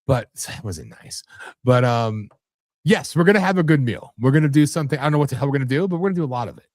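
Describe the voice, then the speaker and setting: A man's voice: mid-range voice, expressive, brisk, a little mellow, no echo, clean studio sound. A man hosting a live internet radio show with an American accent, rambling and cursing in casual, self-deprecating chat. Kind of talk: casual late-night chat.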